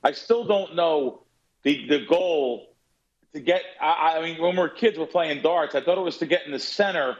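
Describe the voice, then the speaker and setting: A man appearing as a guest on a sports betting show, talking plainly with halting restarts. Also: a little high, highs cut off. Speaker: guest bettor. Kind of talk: casual radio show chat.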